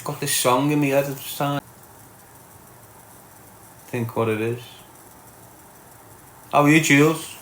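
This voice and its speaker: A man's voice: mid-range voice, steady tone, slow pace, pauses often, fairly bright tone, roomy sound, slight background noise. A man with a Scouse accent hosting a casual livestream, greeting commenters by name in local slang. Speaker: livestream host reading chat comments. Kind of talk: casual live chat.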